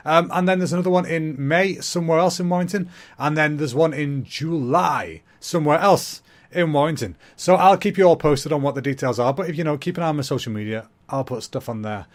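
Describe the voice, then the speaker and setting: A young man, hosting a comedy podcast in a rambling, self-mocking monologue, talking quickly. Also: a little high.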